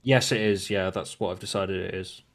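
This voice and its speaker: A man's voice: low voice, steady tone, moderate pace, a little hiss or hum. A laid-back man on a livestream, reading out stage directions as he types a script, with keys clicking behind him. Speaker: co-host typing the script. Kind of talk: casual livestream chat, reading out script lines.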